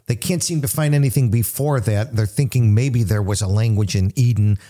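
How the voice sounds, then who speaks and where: Man, host, mellow dark tone, teacherly, explains step by step. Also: fairly low pitch, fairly quick. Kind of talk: casual radio talk.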